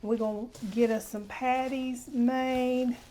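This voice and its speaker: A woman's voice: sits high, flat delivery, takes it slowly, mellow, slight background noise. A woman hosting a casual cooking demonstration in her home kitchen, chatty and homey, calling viewers honey. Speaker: cooking show host.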